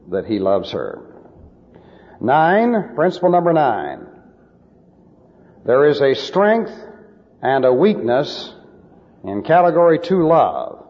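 A man's voice: mid-range voice, big-room sound, lo-fi sound. A male preacher giving emphatic, lecture-style Bible teaching with numbered points.

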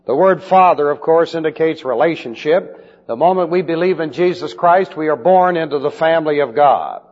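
A man preaching in a deliberate style, teaching Bible doctrine, and spelling out Greek words letter by letter. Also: fairly high pitch, darkish tone. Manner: slow, deliberate emphasis on key phrases. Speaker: pastor. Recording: dull lo-fi recording with long hall reverb.

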